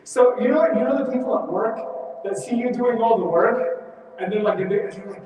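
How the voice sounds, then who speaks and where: Man, quick animated storytelling teacher, distant mic, roomy hall reverb, faint ambience. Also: very high voice. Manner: animated storytelling, acts out quoted speech. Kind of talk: Quran study class. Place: mosque hall. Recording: echoey hall from far off.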